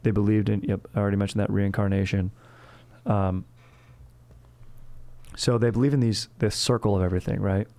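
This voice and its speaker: Young adult man, low gravelly voice, flat delivery, slangy profane history riffing. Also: a little fast, long pauses. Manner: slangy, profane, keeps saying dude and bro. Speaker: comedy history podcast host. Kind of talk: rambling comedic history monologue.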